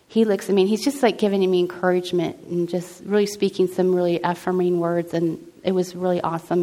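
A woman's voice: medium pitch, a little mellow. Earnest woman telling a faith testimony. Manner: earnest, conversational, many restarts and quoted dialogue. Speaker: speaker sharing a personal testimony. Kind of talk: faith testimony, casual storytelling.

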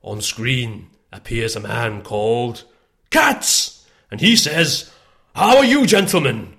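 A man putting on the voice of a booming, theatrical older man, narrating in a comic impression. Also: animated, gravelly, bright, forceful tone, heavily acted. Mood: hammy. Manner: bellowing, halting, breaks into laughter.

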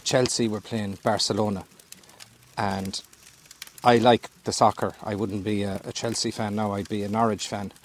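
A man's voice: fairly low pitch, little pitch movement, moderate pace, slight background noise. A man, a fishing guide, telling a rambling, easygoing story. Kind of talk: casual storytelling.

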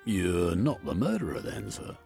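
A man's voice: low-pitched, very animated, measured pace, vocal fry, darkish tone, faint music behind, full character voice. A man voicing a deferential male police sergeant who keeps saying "sir" in a formal, obsequious way.

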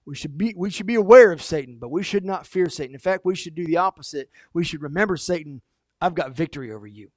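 Animated, high-voiced preacher. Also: male voice, quick pace, hardly any pauses, no room sound, studio quality. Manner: animated and emphatic, dramatic storytelling. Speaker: pastor. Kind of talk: sermon.

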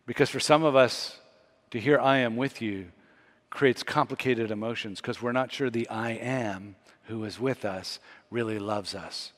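A man's voice: medium pitch, fairly bright tone. A man preaching a sermon as pastor, teaching closely from scripture and building to emphatic peaks. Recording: long hall reverb.

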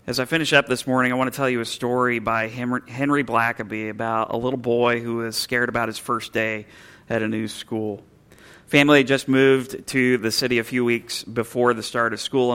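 A male pastor preaching a sermon in a church, earnest and emphatic, slowing and softening on key phrases. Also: mid-range voice.

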